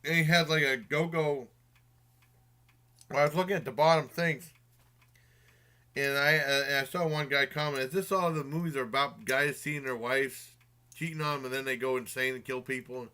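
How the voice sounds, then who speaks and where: A man's voice: mid-range voice, steady tone, moderate pace, pushed and bright. A man casually retelling a movie's plot in a review, rambling with many fillers and restarts and chuckling along.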